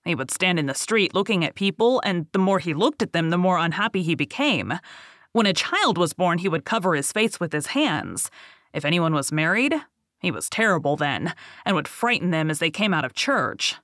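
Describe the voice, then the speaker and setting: In this audiobook reading, the narrator takes on the part of a grave, bitter, tired old boatman recounting his story evenly and steadily. His middling-pitched voice moves at a normal speed and is recorded close and dry, with no surrounding room.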